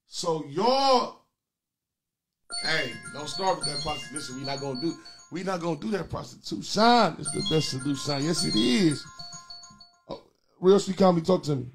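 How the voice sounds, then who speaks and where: A man hosting a comedy call-in show with loud, crude, taunting banter aimed at his callers. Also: fairly high pitch, lively intonation, moderate pace, pauses often, music in the background.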